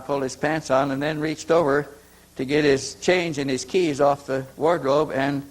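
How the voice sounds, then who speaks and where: A man's voice: a little high, rough recording. A man speaking at a conference, telling a long personal story in a rambling way, restarting sentences and repeating words as he goes. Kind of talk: anecdotal storytelling. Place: conference hall.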